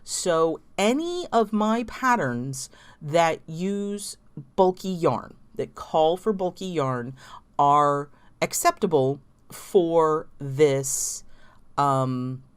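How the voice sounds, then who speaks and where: A woman with a lowish voice and a soft Southern drawl chats about her knitting. She rambles, restarts her sentences and laughs lightly as she goes. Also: lively intonation, drawn-out words, clean tone. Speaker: knitting vlogger and designer. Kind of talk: casual chat.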